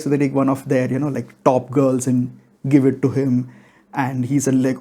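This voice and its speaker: A man's voice: mid-range voice, normal speed, mellow. A man giving a casual movie review, rambling and filling his talk with "like" and "you know".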